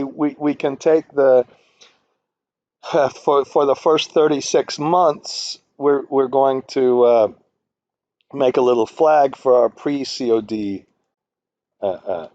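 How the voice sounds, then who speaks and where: A man's voice: dark tone, no room sound. A man teaching a spreadsheet finance lesson over a screen recording, rambling and opinionated, with many fillers and restarts. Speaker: finance instructor. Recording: dull, dry low-fidelity audio.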